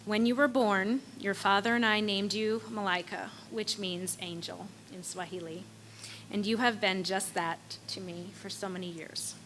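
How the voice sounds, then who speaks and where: A woman's voice: medium pitch, steady tone, unhurried, fairly bright tone, a little hiss or hum, poor audio. A woman reading a heartfelt, tender blessing to her child at a coming-of-age ceremony, as a prepared speech. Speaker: parent giving a blessing. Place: ceremony venue.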